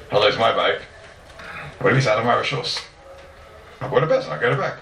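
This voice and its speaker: Quick-paced but broken by long pauses, this man's medium, slightly bright voice leads a Talmud class. He hammers his points home by restating them and poses rhetorical questions he then answers himself. Slight background noise and an echoey room come through a distant mic.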